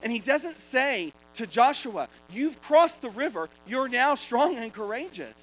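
Man, preacher, high voice, very slow delivery, emphatic, swelling to loud declarations. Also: big pitch swings, poor audio. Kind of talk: sermon.

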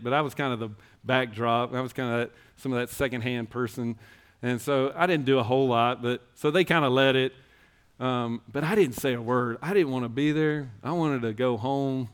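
Giving a testimony sermon, this man has a mid-range voice that is fairly bright, clear, and resonant. He rambles and cuts himself off as he recounts his story, earnestly exhorting his listeners.

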